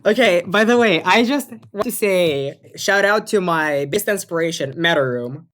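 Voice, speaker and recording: Low-voiced woman rambling about her music. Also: animated, normal speed. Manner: rambling, many fillers and restarts. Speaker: podcast co-host and music producer. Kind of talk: casual chat.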